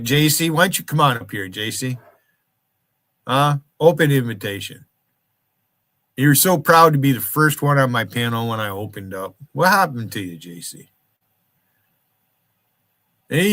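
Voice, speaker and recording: A man hosts a livestream, ranting angrily and profanely while calling out viewers by name. His mid-range voice has a sing-song, pushed, bright quality, moving at a moderate pace with frequent pauses. The recording has no echo.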